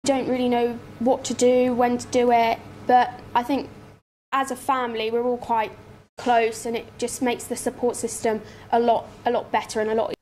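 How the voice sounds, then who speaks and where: A woman's voice: fairly high pitch, flat delivery, moderate pace, darkish tone, slight background noise. A young woman answering questions in a broadcast news interview, hesitant and earnest.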